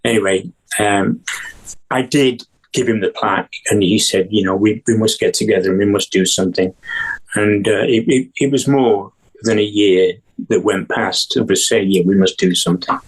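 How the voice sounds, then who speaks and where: An older man from England, a guest musician, telling stories in a rambling way with many restarts and acted-out quotes in a husky voice. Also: lowish voice, steady tone, normal speed, rough recording. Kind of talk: casual storytelling interview.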